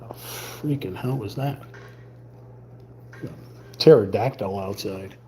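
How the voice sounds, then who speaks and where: A man giving casual running commentary while painting on a live stream. He mutters quietly to himself and thinks aloud as he works. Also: lowish voice, takes it slowly, slight background noise.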